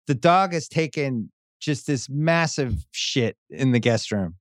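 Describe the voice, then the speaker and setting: A man's voice: mid-range voice, expressive, takes it slowly, no room sound, studio quality. A middle-aged man hosting a casual podcast, telling a long story and acting out quotes in a raised voice. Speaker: podcast host.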